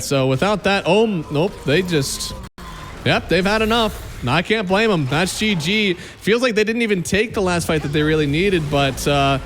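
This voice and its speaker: A man giving quick, excitable live play-by-play commentary on an esports match, calmer when he analyses between fights. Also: high voice, slight background noise. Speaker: esports caster.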